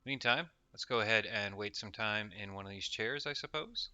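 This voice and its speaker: Through a muffled, very noisy recording, a man with a lowish voice speaks at a moderate pace. He's doing gameplay commentary for a let's play, casually talking through his play, reading in-game text out loud and chattering to himself.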